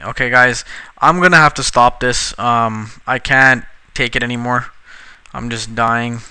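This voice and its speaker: A man walks through a trading tutorial in a loose, chatty way, and his voice is very bright and crisp. The sound is close and dry, with no room around it. He gets short-tempered and curses now and then at his sluggish computer. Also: mid-range voice, no room sound. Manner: casual, frustrated, swears at slow computer. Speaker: trading instructor. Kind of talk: screen-recorded tutorial.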